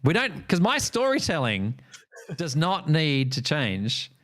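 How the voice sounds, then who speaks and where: A man's voice: a little high, huge pitch swings, slow, a bit bright. Australian man, streamer, casual chat, meandering storyteller, many fillers.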